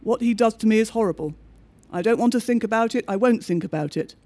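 High-voiced man reading a bleak diary. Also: mellow. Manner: measured, understated diary reading. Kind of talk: scripted narration of a diary story.

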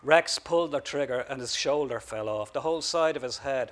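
A man's voice: medium pitch, fairly quick. Man reading his own fiction. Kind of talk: author reading a story aloud.

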